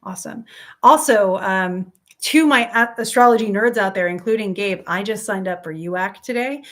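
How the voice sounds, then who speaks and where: A woman's voice: mid-range voice, moderate pace, a bit bright. A woman hosting a casual live stream, explaining astrology in an upbeat, chatty way, answering viewers by name with frequent ums and light laughs. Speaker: astrology teacher and livestream host.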